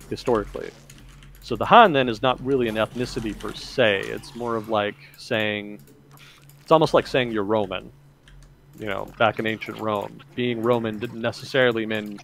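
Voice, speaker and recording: Man, podcast host, gravelly, rambling explainer, casual discussion. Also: fairly low pitch, a bit bright, slight background noise. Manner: rambling, explanatory, heavy on "kind of" and "you know". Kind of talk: casual talk-show discussion.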